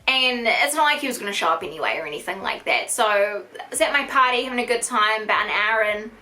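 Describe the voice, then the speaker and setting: A woman of twenty-five with a New Zealand accent, speaking in a bright, crisp tone with a slightly high pitch. She tells a personal story to camera in a frank, conversational way, peppered with "like.". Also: lively intonation, quick pace. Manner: frank and chatty, heavy use of "like". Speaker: vlogger. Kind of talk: candid storytime monologue.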